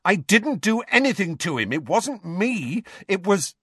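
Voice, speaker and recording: A man's voice: sits high, sing-song, measured pace, slightly rough, no room sound, studio quality, pitched above the performer's own voice, exaggerated voice. A man voicing a defensive teenage boy in a storybook reading. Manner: sharp, defensive.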